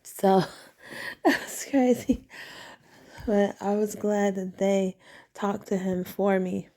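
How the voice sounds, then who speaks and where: Speaking slowly in a mellow, mid-range voice with a steady tone, a woman vlogger shares a personal story recorded in her bedroom. Her telling is casual and meandering, full of trailing off and frequent restarts.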